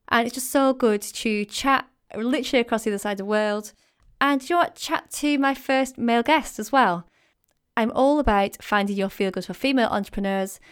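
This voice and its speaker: A woman's voice: on the high side, clear, resonant tone. A woman from England with a northern English accent, hosting a podcast interview in a bubbly, giggly, enthusiastic way.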